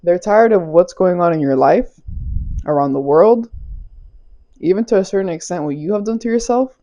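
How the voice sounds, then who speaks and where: A woman's voice: on the low side, expressive, normal speed, dark tone. A young woman giving a casual spiritual tarot reading, loose and chatty, laughing often and swearing casually. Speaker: tarot reader. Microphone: small clip-on mic.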